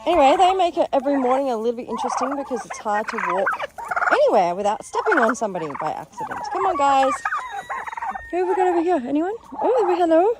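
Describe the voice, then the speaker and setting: A woman with a lively, bouncing, fairly high voice gives a casual walkaround of a farm sanctuary, cooing baby talk at the animals as she goes. She records outdoors on a handheld phone. Chickens, roosters and turkeys can be heard clearly behind her. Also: fast, heavy background noise. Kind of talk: casual vlog narration. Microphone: handheld phone while filming.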